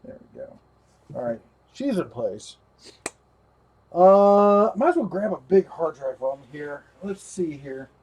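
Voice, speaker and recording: A man's voice: on the high side, big pitch swings, measured pace, darkish tone, dull audio, slight background noise. A man hosting a livestream while rebuilding a computer, chatting casually, talking to his parts and his dog. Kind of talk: casual live tech narration.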